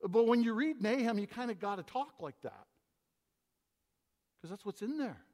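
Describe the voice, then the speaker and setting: A man preaching a sermon, swinging between loud emphatic reading and quiet, low asides to his congregation. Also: animated, normal speed. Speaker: pastor. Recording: long hall reverb.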